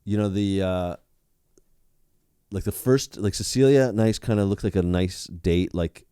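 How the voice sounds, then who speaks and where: Young male podcast co-host, low and mellow, lively delivery, dry close mic. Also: a little slow, clear, resonant tone, no echo. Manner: animated, lots of restarts and laughter. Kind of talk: casual chat.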